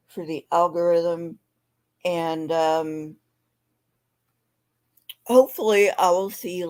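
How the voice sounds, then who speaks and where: A woman's voice: lowish voice, a little mellow. A sleepy, yawning woman with a slightly sore throat, reading scripture aloud on a live stream and then signing off in loose, chatty talk. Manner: plain and unhurried, drops into loose chatty fillers.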